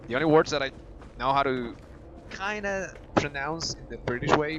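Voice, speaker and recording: A man's voice: a little high, expressive, normal speed, dull audio, background noise. A man with a heavy Spanish accent streaming a video game, chatting casually and thinking aloud with frequent restarts. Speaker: gaming streamer. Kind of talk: casual gameplay chat. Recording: game music behind the voice. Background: game music.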